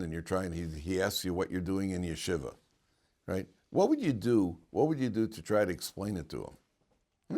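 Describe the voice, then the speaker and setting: A man, a rabbi, giving an informal Torah class to students, asking rhetorical questions and restarting phrases as he talks. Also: fairly low pitch. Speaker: rabbi teaching a yeshiva class. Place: yeshiva classroom.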